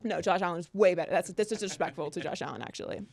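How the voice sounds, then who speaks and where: A woman's voice: fairly low pitch, fast talker, vocal fry. A woman co-hosting a sports podcast, talking in a casual, opinionated and sarcastic way. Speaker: podcast co-host.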